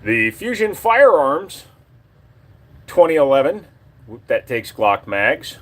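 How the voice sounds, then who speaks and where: A man's voice: a little high, sing-song, slow pace, a bit bright. A man hosting a casual live stream, joking crudely and swearing as he shows off his collection and talks to chat.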